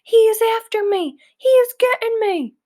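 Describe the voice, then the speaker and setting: A woman voicing a huge male giant thrashing in a nightmare, wailing and begging in a high shrieking voice. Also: moderate pace, mellow. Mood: terrified.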